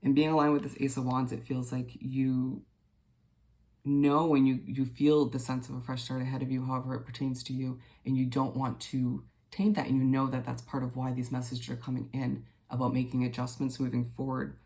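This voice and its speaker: A man talks through a daily tarot spread in a gravelly, creaky voice. His pitch stays flat and level, and his delivery is gentle, reassuring and unhurried, with relaxed fillers as he speaks to his viewers. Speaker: tarot reader. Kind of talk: casual tarot reading to viewers.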